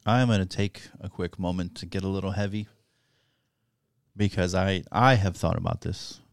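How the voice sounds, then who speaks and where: A man's voice: sits low, fairly even intonation, normal speed, gravelly, no echo, studio quality. A young man co-hosting a podcast, reflective and earnest, with casual swearing. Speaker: podcast co-host. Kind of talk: candid podcast chat.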